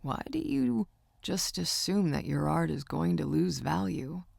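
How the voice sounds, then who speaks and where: Low-voiced, soft-spoken uncle for an audiobook, a woman reading him, gravelly and dry. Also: very animated, unhurried, dry recording, full character voice. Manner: low, hushed and comforting. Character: gruff gentle uncle, older man, soft-spoken. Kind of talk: audiobook character voice.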